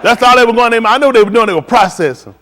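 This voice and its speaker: A man's voice: very high-pitched, fast talker, pushed and bright. An older man hosting a live stream, telling joking stories in casual chat and mimicking other people's voices.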